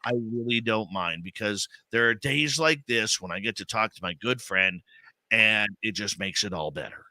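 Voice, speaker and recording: A man hosting a talk radio show, delivering a theatrical, booming announcer-style intro and chatting warmly with his guest. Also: normal speed, no room sound, rough recording. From Canada. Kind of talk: enthusiastic radio host intro and chat.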